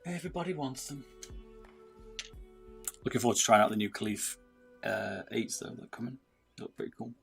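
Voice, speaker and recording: A man's voice: medium pitch, animated, fairly quick, gravelly, pauses often, fairly bright tone, soft background music. A British man chatting casually with viewers on a livestream while soldering, calling people "mate". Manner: chatty, talks to viewers, says "mate" a lot. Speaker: livestreamer modding gaming mice.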